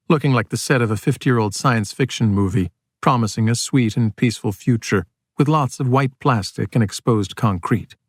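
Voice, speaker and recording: A man narrating an audiobook in a steady, measured storytelling manner. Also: medium pitch, dry recording, studio quality.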